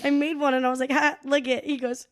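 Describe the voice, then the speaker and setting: A young woman co-hosting a casual podcast, her voice sitting fairly high. She tells stories in an animated way, acting out quoted lines and laughing often. The sound is dry and close to the mic. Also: fast, dry recording. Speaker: podcast co-host. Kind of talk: casual chat.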